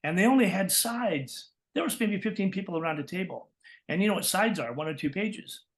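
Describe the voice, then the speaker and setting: An older man from Texas, a voice actor telling lively stories in an interview, acting out quotes and laughing often. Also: high voice, brisk. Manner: animated, acts out quotes with laughs. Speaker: guest, voice actor and coach. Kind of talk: storytelling interview.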